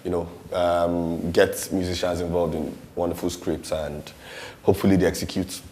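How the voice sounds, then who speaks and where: A Nigerian man with a very low voice speaks in a laid-back interview. He talks loosely, stopping often on fillers and slipping into Yoruba. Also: moderate pace, slight background noise. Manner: relaxed, many "you know" fillers, mixes in Yoruba. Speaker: musician and actor interviewee. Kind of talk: casual interview.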